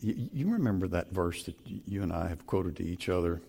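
An older man preaching a sermon, slow and emphatic, with sudden loud stresses on key words. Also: low voice, expressive, gravelly, husky. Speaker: pastor.

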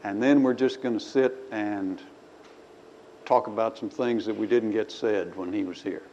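In a church, a man preaches a sermon in a folksy way, reading scripture aloud with rising emphasis. His fairly low voice is warm with fairly even intonation and moderate pace, and the slightly dull recording carries faint ambience and a little hiss or hum.

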